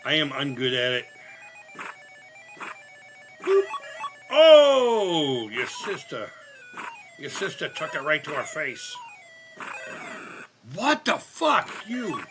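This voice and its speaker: A man hosting a live gaming stream. He is sick, and his voice sounds higher than usual. He chats casually, cracks jokes, swears a lot, and shouts at the game. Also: huge pitch swings, takes it slowly, pauses often, background noise. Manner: profane, joking, loud outbursts at the game. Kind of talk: casual live-stream chat while playing.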